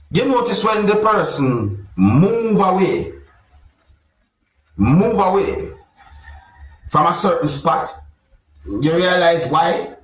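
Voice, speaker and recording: Rambling man with lively pitch. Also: echoey room, rough recording. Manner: rambling, repetitive hedging phrases. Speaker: vlog host commenting on a video. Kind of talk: casual video commentary.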